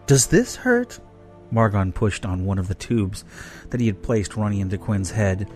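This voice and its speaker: A man reading a fan roleplay story aloud in a steady, measured way. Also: on the low side, faint music behind. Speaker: story reader.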